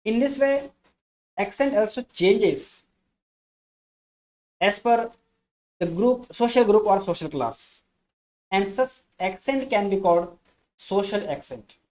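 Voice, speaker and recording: Slow, mellow Indian-English woman teaching. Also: medium pitch, lively intonation, rough recording. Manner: slow, deliberate, repeats each point in new words. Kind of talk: explanatory lesson.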